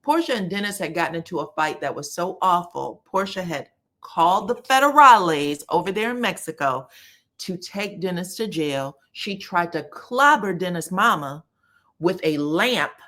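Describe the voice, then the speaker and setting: A woman giving a casual, sassy recap of a reality show, animated, and slipping into the voices of the people she quotes. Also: lowish voice, moderate pace. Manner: animated, sassy, slips into voices of the cast when quoting.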